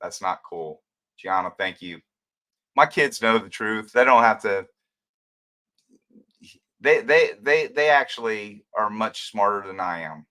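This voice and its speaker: An older man, a former detective, hosts a livestream and rambles emotionally while answering viewer comments. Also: fairly low pitch. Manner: emotional, ranting, rambling, swings between loud and quiet.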